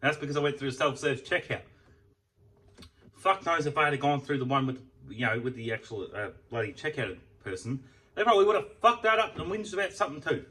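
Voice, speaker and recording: A young Australian man venting in a heated, profane rant for his vlog. His voice is bright and forceful. He sounds a little away from the mic. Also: mid-range voice, expressive, brisk, recorded from a distance. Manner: heated, swears a lot. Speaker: vlogger.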